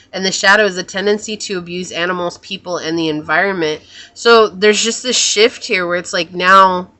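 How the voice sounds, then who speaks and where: A woman giving a pick-a-card tarot reading in a musing, soft-spoken way, often trailing off and correcting herself. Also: fairly low pitch. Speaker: tarot reader.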